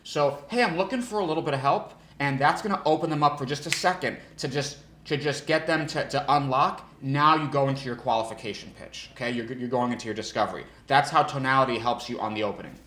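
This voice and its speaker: A man teaching sales technique in a direct, energetic coaching style. He often restarts his sentences as he talks. His voice sits at a medium pitch and rings around an echoey room. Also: fast talker, few pauses. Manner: energetic coaching, with frequent restarts and demonstrated tones. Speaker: sales trainer. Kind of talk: instructional talk.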